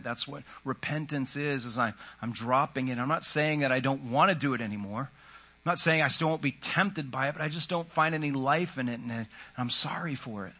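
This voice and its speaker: A pastor with a medium-pitched, sharp-toned voice preaches a little fast. He's earnest and conversational, frequently voicing the inner thoughts of his listeners.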